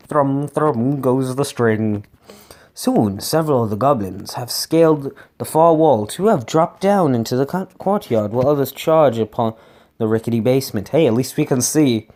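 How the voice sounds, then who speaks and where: Here a man with a medium-pitched, dark voice reads a text adventure out loud in a casual play session. The reading is halting and full of self-corrections, and he scatters joking remarks throughout.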